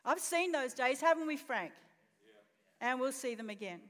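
Aussie woman pastor preaching, high voice, storytelling, long church hall echo. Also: normal speed. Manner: expressive storytelling, asks the congregation questions. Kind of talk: sermon. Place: church auditorium.

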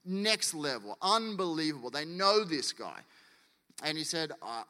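Animated pastor in a reverberant hall. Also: male voice, fairly high pitch, a little slow. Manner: animated, acts out quotes and anecdotes. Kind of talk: sermon. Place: church hall. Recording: long church hall reverb.

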